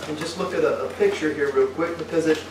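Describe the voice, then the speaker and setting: Echoey preacher with a higher voice. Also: male voice, fairly even intonation, fast talker, background noise. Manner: asks the congregation many tag questions. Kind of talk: folksy sermon to a congregation. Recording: echoey room picked up from a distance.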